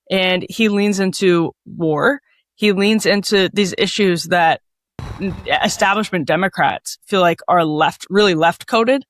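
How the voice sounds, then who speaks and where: A woman's voice: on the low side, dry recording. A woman giving political analysis as a panel guest, thoughtful and fluent, with frequent "uh" and "like".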